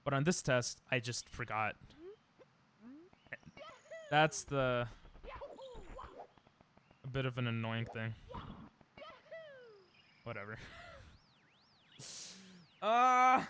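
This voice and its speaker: A young man chatting casually and excitably while he streams a speedrun, joking and breaking into laughter. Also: mid-range voice, drawn-out words, long pauses, slight background noise. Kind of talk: casual gaming stream chat.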